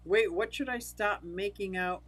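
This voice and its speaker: A woman's voice: mid-range voice, a little slow, poor audio. Chatty older woman hosting a livestream. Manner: chatty, laughs often, answers viewers by name. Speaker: livestream host. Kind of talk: casual livestream chat reading comments.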